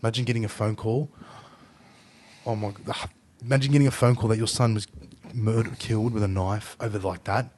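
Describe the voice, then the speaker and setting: An Australian man hosting a podcast, chatting casually and telling animated stories, swearing freely. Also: fairly low pitch, fairly quick, pauses often. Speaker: podcast host. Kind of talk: casual chat.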